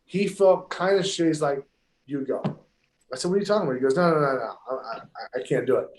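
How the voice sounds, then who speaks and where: A man's voice, on the high side with a darkish tone, rattles off stories quickly; he's a pro golfer guesting on a podcast. The casual talk is emphatic and full of profanity, captured in an echoey room.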